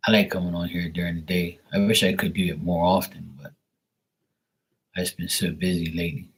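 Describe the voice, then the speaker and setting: A man with a very low, husky voice hosts a live stream. He talks in a loose, rambling way and swears freely. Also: flat delivery, a little fast. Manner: rambling, profane and laid-back. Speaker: livestream host. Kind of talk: casual chat.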